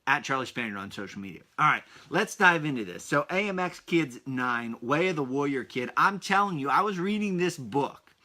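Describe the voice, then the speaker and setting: Fairly high and bright, with a forceful tone and lively intonation, this man in his thirties talks at normal speed with few pauses. Hosting a podcast for kids, he speaks to them directly in an upbeat, enthusiastic way.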